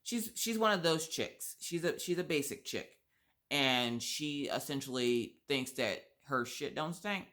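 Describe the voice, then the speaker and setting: Blunt, sassy woman vlogger. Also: a little slow. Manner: animated, acts out quotes with pitch swings. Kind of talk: casual storytelling while crocheting.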